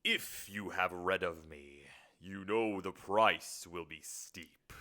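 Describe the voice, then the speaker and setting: A man voicing a menacing male demon, drawing out grand, archaic pronouncements slowly. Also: sits low, pushed and bright, full character voice. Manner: slow, drawn-out, archaic pronouncements.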